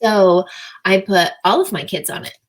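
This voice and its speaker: A woman in her thirties, a guest in an interview, telling her stories in a chatty, animated way with lots of fillers. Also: mid-range voice, normal speed, a little hiss or hum. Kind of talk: casual interview chat.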